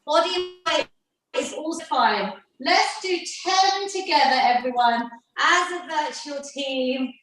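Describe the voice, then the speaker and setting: A woman's voice: high-pitched, animated, slow pace, fairly bright tone. A woman fitness instructor leading an online workout class, upbeat and encouraging, counting down the reps. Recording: very echoey room, mic far off.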